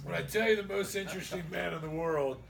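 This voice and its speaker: A man's voice: sits high, quick pace, creaky, noisy background. A man hosting an interview, talking in a folksy way and quoting old sayings, heard from a distance in an echoey room. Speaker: host. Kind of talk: interview chat. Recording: distant, echoey with faint ambience.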